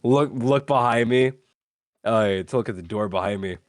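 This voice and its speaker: A man's voice: mid-range voice, normal speed, no room sound, studio quality. Rambling man laughing through his turn. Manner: rambling, full of fillers and laughter. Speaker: player. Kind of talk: casual tabletop role-play.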